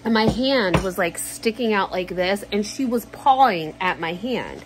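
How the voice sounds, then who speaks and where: A woman's voice: mid-range voice, lively intonation, unhurried, hardly any pauses, rough recording. A woman vlogger chatting casually to camera at home, telling stories in a slangy, joking way. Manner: chatty, slangy, jokey storytelling.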